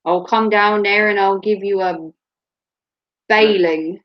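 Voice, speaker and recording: A woman's voice: mid-range voice, steady tone, slow pace. A woman from Norfolk with a Norfolk English accent, hosting a casual chat in a blunt, joking way and laughing often. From Norfolk, England. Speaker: host. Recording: muffled lo-fi recording.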